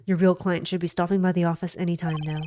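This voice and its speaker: Woman doing a dry easygoing middle-aged guy, slightly lower, plain read. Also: flat delivery, fast, warm tone, slight background noise, close to an everyday voice. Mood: offhand.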